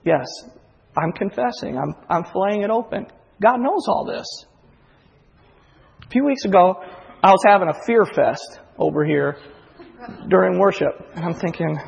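A man's voice: high voice, animated, a little slow, gravelly, long pauses, husky, long reverb tail, muffled recording. A male pastor preaching a sermon in a church, earnest and confessional, often acting out inner voices. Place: church sanctuary.

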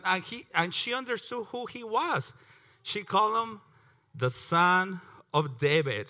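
A man leading a prayer and then teaching a Bible passage, earnest and repeating words as he goes, clearing his throat often. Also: fairly high pitch, sharp tone. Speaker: preacher.

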